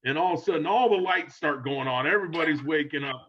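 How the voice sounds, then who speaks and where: A rambling older man spins a casual story, his voice sitting a touch high. He laughs often and jumps up in pitch to act out what people said. The sound is dull and a bit lo-fi. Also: fast talker. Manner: rambling, animated, laughing, acts out quotes in raised voice. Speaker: guest storyteller.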